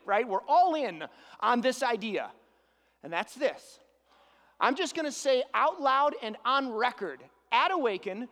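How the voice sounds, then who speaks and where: Male pastor preaching in an echoing hall. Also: very high-pitched. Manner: animated preaching, rhetorical questions, shifts from loud to hushed. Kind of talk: sermon.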